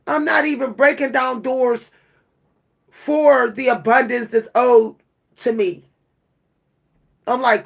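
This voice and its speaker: Weary woman venting with a gravelly fry. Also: high-pitched, slow, long pauses. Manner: weary, repetitive, stumbling over words. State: worn out. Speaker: vlogger. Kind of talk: emotional venting monologue.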